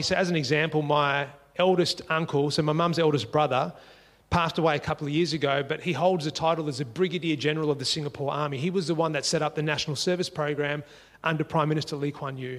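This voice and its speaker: An Australian man telling a personal story in a lively, conversational way, acting out the dialogue as he goes, seated at home at a dining table. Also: on the high side, in a large hall. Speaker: speaker sharing a life story.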